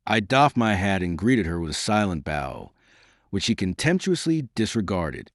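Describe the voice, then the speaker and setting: A man narrating a first-person historical adventure novel as an audiobook, in a measured, expressive storytelling manner. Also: low-pitched, no echo, clean studio sound.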